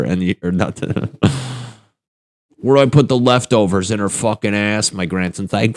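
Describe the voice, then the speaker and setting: A young man with a low, deep voice riffs through a crude solo comedy rant, chuckling at his own lines. The sound is dry and close, with no room echo. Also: normal speed, a little mellow. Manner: crude, rambling, laughs at his own jokes. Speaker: podcast host.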